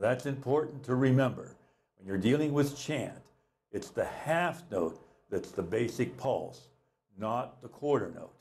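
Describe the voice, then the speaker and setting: A man's voice: medium pitch, darkish tone. A man teaching a recorded music lesson, explaining patiently, repeating key points and counting beats aloud.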